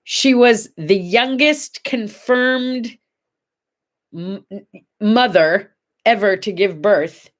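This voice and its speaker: A woman's voice: medium pitch, extremely slow. A middle-aged woman hosting a casual morning chat show, chatty and tender, rambling with little asides. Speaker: host.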